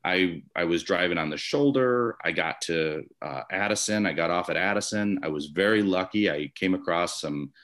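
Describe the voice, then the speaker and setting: This guest, a former baseball umpire from the Chicago area, USA, has a low, fairly bright voice and talks at a moderate pace with few pauses. Interviewed from his home office, he tells stories conversationally, with rambling restarts and fillers.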